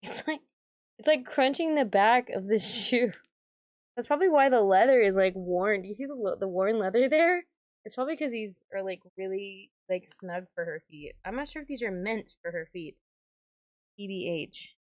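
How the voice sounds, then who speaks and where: A woman vlogging casually as she works on a doll with her hands, chatty and quick to exclaim. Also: mid-range voice, expressive, no room sound, studio quality. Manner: chatty, exclaims and laughs while working. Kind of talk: casual hands-on vlog talk.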